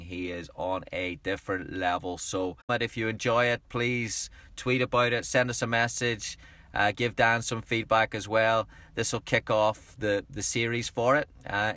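A man hosting a coaching podcast, speaking in a measured, reflective way as he tells stories. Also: lowish voice, bright, forceful tone. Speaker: podcast host, soccer coach. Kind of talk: podcast chat and storytelling.

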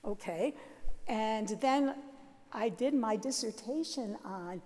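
An older woman, a Catholic nun, telling her life story in a lively, laughing way and acting out the sounds and voices in it. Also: on the high side, slow pace, big-room sound. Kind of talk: animated personal storytelling.

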